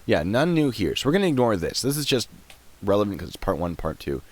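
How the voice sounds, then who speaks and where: A young man giving casual live-stream commentary, chatty and quick to laugh, often trailing off while he clicks around. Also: fairly low pitch, very animated, a little mellow. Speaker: streamer reacting to videos and chat.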